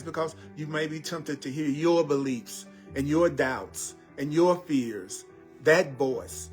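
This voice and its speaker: A man giving a spiritual teaching talk as a teacher, slowly and deliberately repeating affirmations. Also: fairly high pitch. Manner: slow, deliberate repetition of affirmations.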